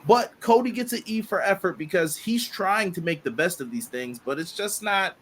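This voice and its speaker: A man co-hosting a casual wrestling podcast, talking in an animated way. He laughs often and teases his co-host playfully, in relaxed, conversational delivery. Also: high-pitched, normal speed, a little hiss or hum.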